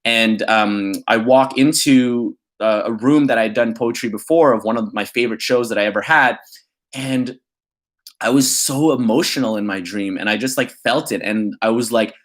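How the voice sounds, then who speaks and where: In a candid, reflective vlog, a young man with a mid-range voice speaks at a moderate pace, rambling and leaning heavily on "like." He then reads his own poem aloud.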